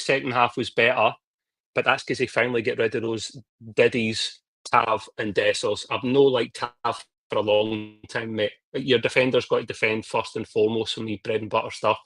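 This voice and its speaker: A man's voice: mid-range voice, a bit bright, no echo. Blunt Scottish man, dry close sound. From Scotland. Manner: blunt, joking, uses Scots slang. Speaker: podcast co-host. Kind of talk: casual football podcast chat.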